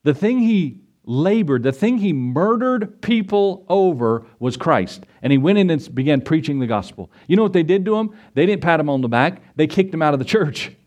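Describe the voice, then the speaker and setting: A man preaching a sermon to his congregation, emphatic and repetitive, swinging between loud declarations and quiet asides. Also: fairly high pitch, lively intonation, normal speed, few pauses. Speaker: pastor.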